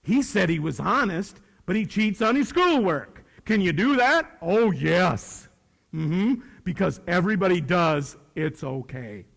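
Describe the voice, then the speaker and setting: A middle-aged man with a high voice addresses students in a folksy, animated way, slipping into little voices for the dialogue he acts out. His words ring with the long reverb of a large hall. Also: unhurried, gravelly. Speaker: teacher giving a talk. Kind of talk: motivational speech to students.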